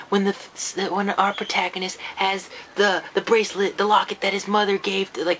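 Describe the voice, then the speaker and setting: A young man giving a casual, profane film rant, animated and mocking, in a room with faint noise. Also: high voice. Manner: animated, mocking voices, frequent swearing. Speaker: vlogger reviewing films.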